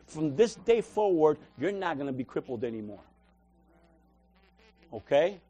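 A man with a fairly high voice tells his personal church testimony. He talks in an emotional, repetitive way. He pushes hard on some phrases and drops almost to a murmur on others. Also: big pitch swings, measured pace, pauses often. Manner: emotional, repetitive, swings from loud to quiet. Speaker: church member giving a testimony.

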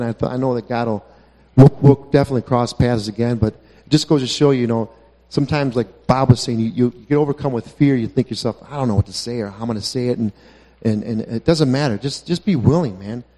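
A man's voice: medium pitch, mellow, in a large hall. A married man earnestly telling a church testimony, often repeating "man" and "I says". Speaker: church member giving testimony. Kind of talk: testimony story.

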